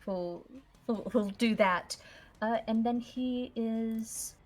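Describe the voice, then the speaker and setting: A woman narrating as game master of a tabletop game, describing scenes in an unhurried way. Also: fairly high pitch, a little mellow. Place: online stream.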